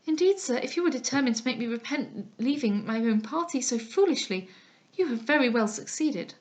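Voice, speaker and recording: Woman doing a prim scared young lady, high and breathless, pleading hard. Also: expressive, a little fast, lightly acted. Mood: reproving. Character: frightened proper young lady, genteel and earnest. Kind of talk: dramatized audiobook reading.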